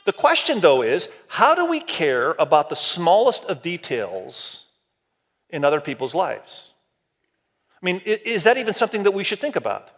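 At a moderate pace, a man whose voice sits slightly above the typical male range delivers a sermon to a multi-campus church. As pastor, he keeps things lively and chatty, regularly asking the congregation questions and calling for raised hands.

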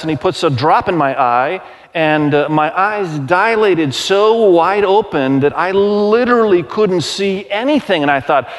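A man in his forties preaching a sermon to his congregation, telling stories in a conversational, animated way and asking the crowd questions. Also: sits high. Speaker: pastor. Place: large church auditorium. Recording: long hall reverb.

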